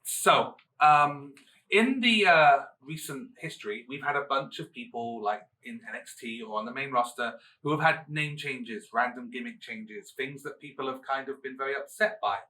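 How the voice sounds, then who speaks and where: A man's voice: mid-range voice, normal speed, pushed and bright, far from the mic, rough recording. A man co-hosting a casual podcast, enthusiastic and gushing. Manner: enthusiastic, hesitant fillers then gushing. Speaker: co-host.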